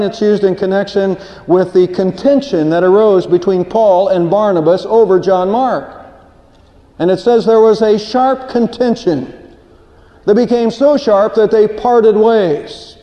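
A man delivers a sermon in a high, mellow voice, earnest and plain-spoken, repeating a word here and there. The recording is dull and lo-fi, and a long reverb hangs in the church around him. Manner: earnest preaching with a folksy joke, some repeated words. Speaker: pastor. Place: church sanctuary.

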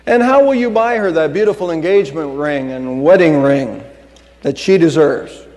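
A man's voice: on the high side, animated, moderate pace, darkish tone, lightly acted. A man voicing a stern middle-aged father who grills his daughter's fiancé with probing questions, in a reverberant hall.

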